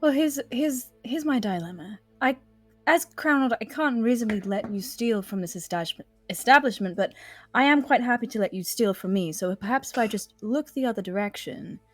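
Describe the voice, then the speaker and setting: A woman's voice: fairly high pitch, expressive, brisk, no echo. A young woman playing a polite, formal character in a tabletop game, giggling often between lines. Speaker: player. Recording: faint music behind.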